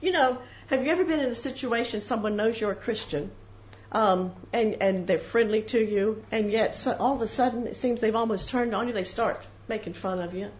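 A brisk woman with a fairly high pitch gives an earnest devotional sermon, at times mimicking doubters and people praying. The audio quality is dull and lo-fi, carrying faint noise.

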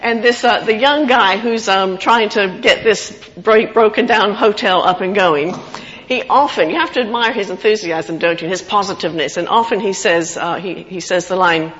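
A woman giving a sermon, telling stories in an earnest, animated way. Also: mid-range voice, moderate pace, a little hiss or hum. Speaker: preacher. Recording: muffled with long hall reverb.

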